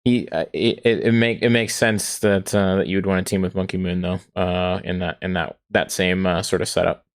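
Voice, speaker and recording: A man's voice: low-pitched, fairly even intonation, normal speed, hardly any pauses. A man hosting a podcast, chatting casually and laughing easily. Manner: easygoing, laughs often. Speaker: podcast host. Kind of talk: casual chat.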